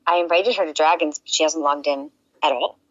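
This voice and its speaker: A woman's voice: low voice, a little fast, dry recording. A woman chatting on a game stream's voice call, telling funny stories and now and then dropping into a whisper. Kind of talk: casual chat on a voice call. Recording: dull lo-fi call audio.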